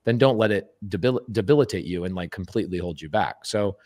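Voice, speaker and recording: A man with a fairly low voice talks casually as a podcast guest. He is emphatic and animated and drives his points home by repeating words. He slips into little acted-out bits of dialogue as he goes. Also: fairly quick. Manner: emphatic, animated storyteller who acts out quoted speech.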